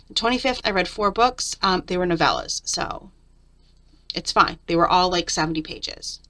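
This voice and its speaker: A woman's voice: on the low side, moderate pace, bright, forceful tone. A middle-aged woman chatting candidly through a journal flip-through, venting about her week. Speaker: papercraft vlogger.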